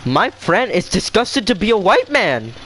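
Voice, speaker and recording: A man's voice: sits high, big pitch swings, unhurried, fairly bright tone, slight background noise, low-quality recording. A young man venting in a heated, swearing rant as a vlogger, repeating himself as he talks. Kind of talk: angry rant to camera.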